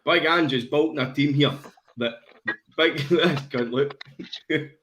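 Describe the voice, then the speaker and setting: A man's voice: fairly high pitch, slow, background noise. A Scottish man on a football podcast, boisterous and swearing, laughing through the banter. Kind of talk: casual post-match banter.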